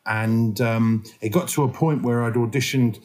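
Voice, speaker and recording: An actor from England chatting casually as a guest. His voice sits at an average pitch, and his speech meanders with lots of restarts. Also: normal speed, a little mellow. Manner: rambling, many fillers and restarts. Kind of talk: casual interview chat.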